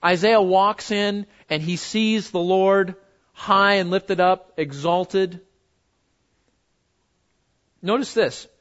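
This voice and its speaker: A man teaching a Bible lesson in a conversational way, often repeating words and slowing down to stress key phrases. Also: high-pitched, fairly bright tone, muffled recording.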